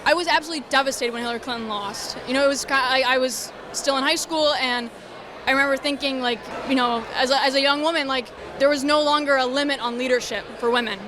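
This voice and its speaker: A woman's voice: high-pitched, fairly even intonation, quick pace. A woman in her twenties giving an eager, earnest street interview outdoors. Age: 20s. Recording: street interview with a crowd behind.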